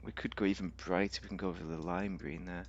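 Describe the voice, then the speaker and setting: Low-voiced man musing over a game. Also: fairly even intonation, fast talker, lo-fi sound. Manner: rambling, thinks aloud with many fillers and restarts. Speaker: game reviewer. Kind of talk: casual gameplay commentary.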